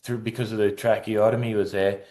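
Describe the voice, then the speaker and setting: A man's voice: fairly low pitch, little pitch movement, brisk, darkish tone. A man telling a personal story in a casual interview, rambling with many restarts and acting out what people said. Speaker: guest, adaptive surfer.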